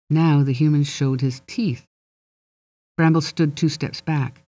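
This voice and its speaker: A narrator reads a storybook aloud in a steady, gently expressive manner. The voice is mellow and warm, and the recording is dry and close. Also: medium pitch, takes it slowly, dry recording. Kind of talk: audiobook narration.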